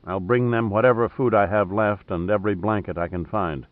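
A man's voice: on the low side, brisk, no echo, close to an everyday voice. A man reading a tough male adventurer who talks with dry, understated humor. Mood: wry. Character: wry, tough male adventurer, wounded and laconic. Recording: narrow phone-like sound.

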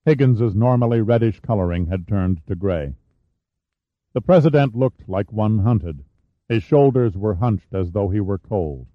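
Low-voiced male audiobook narrator. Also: lively intonation, a little slow, no room sound. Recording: dull, muffled dry recording.

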